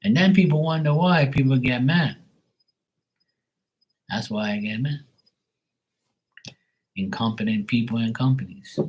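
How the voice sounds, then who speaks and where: Over a rough recording, a livestream tarot reader rants at length to his viewers, casual, annoyed and swearing freely. His mid-range voice is husky and unhurried, with frequent pauses.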